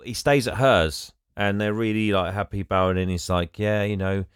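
Smooth-voiced man telling a story. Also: fairly low pitch, normal speed, no room sound, clean studio sound. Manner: animated storyteller, laughs often. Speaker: podcast host retelling a film. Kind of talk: casual chat.

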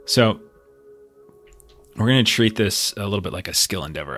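A man's voice: lowish voice, moderate pace, pauses often, fairly bright tone, faint music behind. A man narrating as game master of a tabletop game, describing scenes in a loose, meandering way with many fillers.

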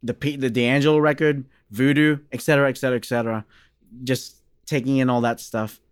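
A man in his thirties from Australia tells a long story in a relaxed interview, a bass player acting out the voices of the people in it. His pitch is mid-range, and the recording is dry and close. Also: brisk, clear, resonant tone, no room sound. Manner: animated storyteller, acts out quoted dialogue.

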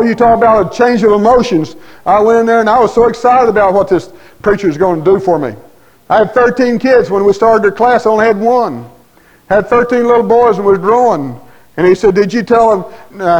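A man's voice: high-pitched, darkish tone, highs cut off. A man preaching a sermon in a folksy storytelling way, acting out conversations.

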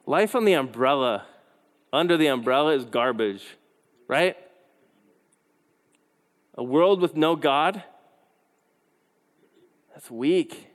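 A man preaching a youth sermon, telling stories with lively, quick asides. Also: medium pitch. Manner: animated storytelling with quick asides. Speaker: youth pastor. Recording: hall reverb.

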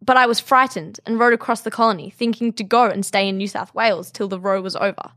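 A woman's voice: mid-range voice, quick pace, fairly bright tone, no echo, studio quality, lightly acted. A woman with an Australian accent reading the first-person account of a male bushranger in a casual role play. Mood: narrating. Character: male bushranger telling his own story. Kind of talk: comic read-along role play.

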